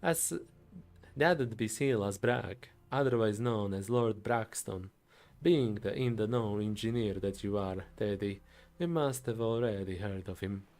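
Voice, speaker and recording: A man voicing a proud, idealistic male engineer in a put-on Italian accent, declaiming loudly in a game voiceover. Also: on the low side, a little slow. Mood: boastful.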